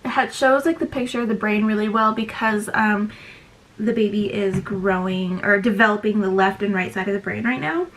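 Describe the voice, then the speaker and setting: A woman's voice: medium pitch, moderate pace, a bit bright. A young woman vlogging a candid pregnancy update, chatty and frank with many ums, sighing and feeling nauseous. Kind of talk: casual pregnancy update vlog.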